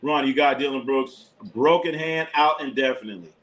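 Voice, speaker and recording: A man doing casual live play-by-play for his online chat, with a voice of ordinary middle pitch. He is blunt and opinionated, swears freely, and tends to say the same line two or three times over. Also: moderate pace, fairly bright tone, low-quality recording. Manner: blunt, opinionated, profane, repeats himself. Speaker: live sports commentator, channel host.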